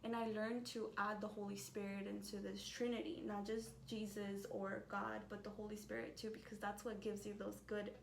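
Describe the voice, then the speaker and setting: A woman's voice: medium pitch, level tone, moderate pace, gravelly, hardly any pauses. A woman in her twenties, a podcast guest talking earnestly and a bit rambling, laughing often. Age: 20s. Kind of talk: casual conversation. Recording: echoey room with faint background noise.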